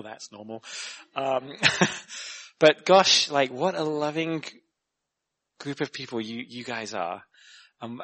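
A young man gives a sermon in a conversational, animated way. His voice sits at a middle pitch, and he often repeats words as he thinks aloud. He keeps turning to the listeners with questions. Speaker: guest preacher.

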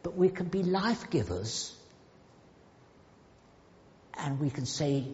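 A man preaching a sermon in a church, slow and emphatic, with sudden loud outbursts and hushed asides. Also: fairly high pitch, big pitch swings, a little hiss or hum. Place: church hall. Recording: dull sound with long hall reverb.

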